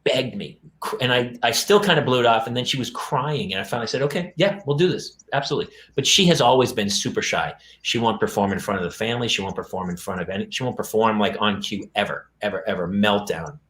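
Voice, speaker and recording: A man's voice: lowish voice, fast talker, few pauses, echoey room. A middle-aged man, co-host of a parenting podcast, casually telling a long story and acting out the lines of the people in it. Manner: animated, acts out dialogue in quoted voices.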